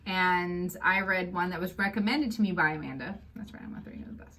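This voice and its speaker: A woman co-hosting a casual book podcast, reacting quickly and laughing. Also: fairly low pitch, heavy background noise. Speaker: podcast co-host.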